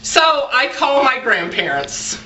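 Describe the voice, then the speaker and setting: A woman in her forties telling a personal story to the camera in a chatty, animated way, talking straight to her viewers. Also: high voice, takes it slowly, a little hiss or hum, rough recording. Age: 40s. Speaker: vlogger.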